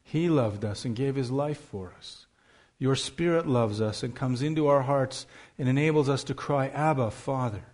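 A man's voice: medium pitch, moderate pace, a little mellow. A male pastor reading a scripture passage aloud in a raised, emphatic voice during a sermon.

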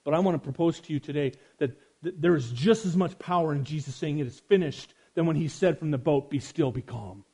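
A man preaching a sermon, swinging from loud emphasis to hushed quiet and speaking straight to his listeners. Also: a little high, fairly quick, hardly any pauses, husky. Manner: addresses listeners directly.

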